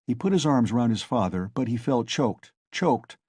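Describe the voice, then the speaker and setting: Brief: male novel narrator, husky, dry close-mic read, steady pace. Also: medium pitch, moderate pace, no echo. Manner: steady storytelling. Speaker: audiobook narrator. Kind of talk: scripted narration.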